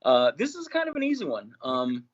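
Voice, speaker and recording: A man asking trivia questions in a casual chat, relaxed and hesitant with many pauses. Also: a little high, muffled recording. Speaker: trivia guest.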